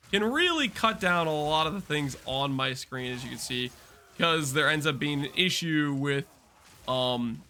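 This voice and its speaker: A man's voice: mid-range voice, bright, forceful tone. A man casually talking through a game build guide while playing, chatty and explanatory, with loose restarts. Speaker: gaming content creator.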